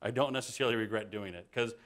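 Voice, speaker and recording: A man speaking on a panel as an improv performer, telling stories in an animated, self-deprecating way. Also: fairly low pitch, very fast. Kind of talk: conversational panel talk.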